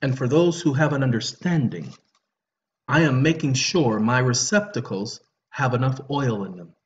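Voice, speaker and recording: A man's voice: medium pitch, muffled recording. A man giving a preachy, lecturing monologue to his viewers, repeating himself and apologizing sarcastically. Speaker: online commentator.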